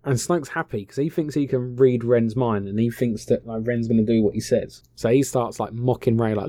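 A man's voice: medium pitch, normal speed, hardly any pauses, mellow, no room sound, studio quality. A man casually retelling a film plot, offhand, slangy and full of swearing. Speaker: film recapper. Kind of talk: casual comic film recap.

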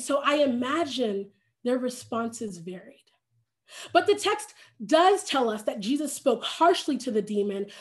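A woman pastor slowly reading scripture and reflecting on it in a contemplative, unhurried manner with soft pauses. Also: high-pitched.

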